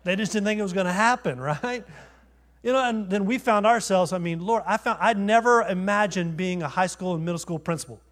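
A man in his forties preaches in a church, his voice pitched a little high for a man. He keeps it conversational and self-deprecating, leaning on rhetorical questions to carry the sermon. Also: brisk, fairly bright tone. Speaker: guest pastor. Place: church sanctuary.

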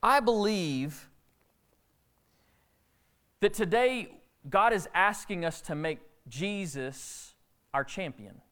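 A man preaching a sermon, retelling a Bible story with lively, acted-out dialogue. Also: sits high, slow, long pauses. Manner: animated storytelling preacher, acting out characters' lines. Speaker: pastor.

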